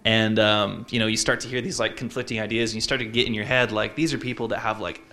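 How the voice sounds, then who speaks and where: A man in his twenties from Utah, telling a personal story in a casual, reflective way, halting often with fillers and restarts. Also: fairly low pitch, flat delivery, sharp tone.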